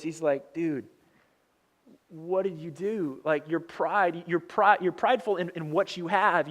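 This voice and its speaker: Male pastor, young adult, relaxed conversational sermon, slightly high voice, retells stories in plain speech. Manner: conversational storytelling with fillers and paraphrased dialogue. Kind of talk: casual sermon.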